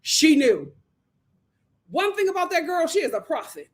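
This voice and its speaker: Animated woman host with a lively high voice. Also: normal speed. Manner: animated, opinionated, acts out quotes. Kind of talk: live show recap and commentary.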